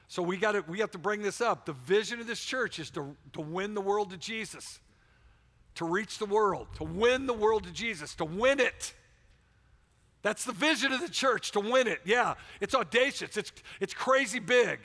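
A middle-aged man preaching a sermon as pastor, swinging between loud exhortation and quiet storytelling. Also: sits high. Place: church sanctuary. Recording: long reverb of a large hall.

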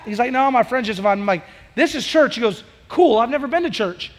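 A youth pastor man preaches with a quick, high voice, chatty and full of energy. He slips into acted snippets of conversation as he talks. His voice rings out with the long reverb of a church hall. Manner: energetic, conversational, acts out dialogue. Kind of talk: sermon.

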